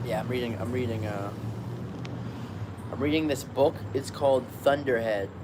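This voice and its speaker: A man's voice: medium pitch, normal speed, noisy background. A man hosting a rambling, upbeat live-stream chat, lying in a hammock on a balcony outdoors. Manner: rambling, upbeat, greets viewers by name.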